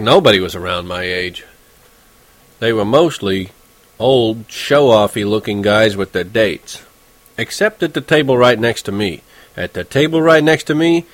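A man's voice: mid-range voice, dry recording, poor audio. A man reading a first-person story aloud in a casual, wry, conversational way. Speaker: audiobook narrator. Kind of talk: first-person audiobook narration.

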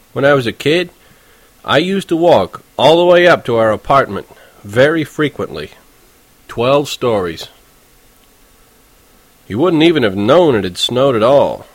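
A man's voice: medium pitch, no room sound. A man narrating a novel in the first person, in a conversational, wry and self-deprecating way. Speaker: audiobook narrator.

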